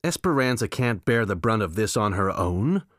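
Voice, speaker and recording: A man's voice: lowish voice, sing-song, moderate pace, no echo, studio quality. A man voicing a concerned adult man who talks earnestly and coaxingly, in a storybook reading.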